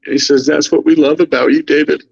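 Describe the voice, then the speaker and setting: A man's voice: on the high side, steady tone, quick pace, creaky, no room sound. Earnest emotional guy telling his story, dry muffled call audio. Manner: earnest, quotes others in his own voice. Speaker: podcast guest.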